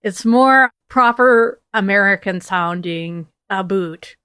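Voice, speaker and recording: A woman co-hosts a podcast, joking and reacting playfully in casual conversation. Her mid-range voice is fairly bright, with lively intonation and a moderate pace, recorded at studio quality with no room sound.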